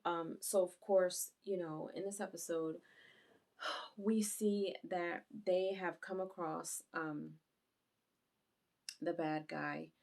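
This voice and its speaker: A woman with a lowish, gravelly voice recaps an anime episode for her channel. She rambles casually through the scenes and gets animated as she retells the action. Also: slow, long pauses. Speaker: YouTube anime reviewer.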